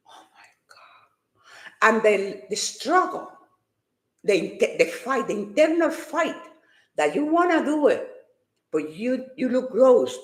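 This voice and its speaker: A woman and fitness competitor giving an emotional, animated personal faith testimony. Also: on the low side, roomy sound.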